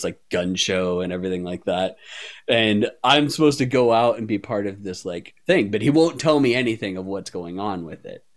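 Rambling, swearing podcast guy. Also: fairly low pitch. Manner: rambling, swears often, laughs mid-story. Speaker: podcast host. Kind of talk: casual chat, storytelling.

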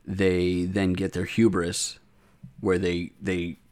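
Young male co-host, lowish voice, rambling casual recap with lots of "uh" and restarts. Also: monotone, slow, a little mellow. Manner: rambling recap with many fillers, restarts and laughs. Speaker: podcast co-host recapping an anime episode. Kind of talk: casual chat.

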